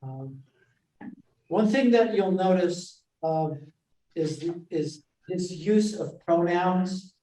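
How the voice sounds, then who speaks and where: A man teaching a class, speaking slowly in a fairly high, mellow voice and often pausing on fillers and restarts. He is heard from a distance in an echoey room, checking in with his listeners as he goes. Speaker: presenter teaching a library class. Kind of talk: classroom talk on reading verse aloud. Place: library meeting room, indoors.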